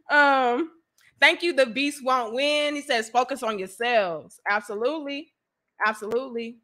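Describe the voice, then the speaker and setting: A woman hosting a casual live stream, reading donations and speaking in an animated, outspoken, slangy way. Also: high voice, slow pace.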